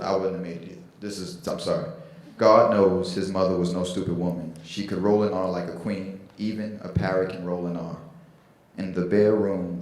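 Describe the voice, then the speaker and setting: A man giving a slow, measured poetry reading at a public event. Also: low voice, a little mellow. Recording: very echoey hall.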